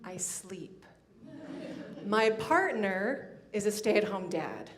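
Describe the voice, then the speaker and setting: Slow, reflective woman minister preaching. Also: fairly high pitch. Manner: slow, reflective, personal storytelling with soft pauses. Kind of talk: sermon storytelling.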